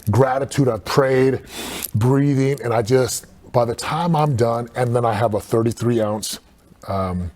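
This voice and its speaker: A man speaking as a podcast guest, telling stories in an earnest, animated way and acting out quotes. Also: mid-range voice, a little slow. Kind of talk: casual podcast conversation.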